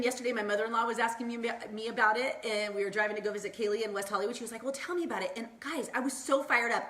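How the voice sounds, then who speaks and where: A woman's voice: mid-range voice, a bit bright, roomy sound. A woman in her thirties from Southern California chatting on a live stream, bubbly and encouraging, wandering off on tangents and acting out quoted lines. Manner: bubbly, tangent-prone, acts out quoted voices. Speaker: wellness vlogger. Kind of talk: upbeat motivational Facebook Live chat. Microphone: phone or laptop mic, live stream.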